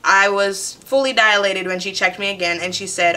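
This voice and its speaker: A young woman originally from Jamaica, casually telling a personal story to her camera in a chatty, animated way. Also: mid-range voice, a little slow, few pauses. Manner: chatty, animated retelling with quoted voices. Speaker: vlogger. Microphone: camera mic.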